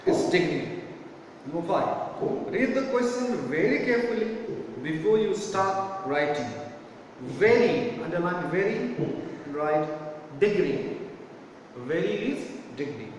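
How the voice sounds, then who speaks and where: Male teacher, high-pitched, slow, spells words out; distant echoey classroom-style recording. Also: a little hiss or hum. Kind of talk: homework correction lesson. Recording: echoey room from far off.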